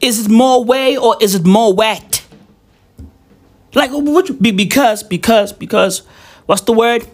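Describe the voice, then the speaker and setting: A man's voice: very high voice, slow, pauses often. A young man vlogging a profane, rambling, mock-serious rant at home, peppering it with slang. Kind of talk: casual rant to camera. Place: indoors at home at New Year.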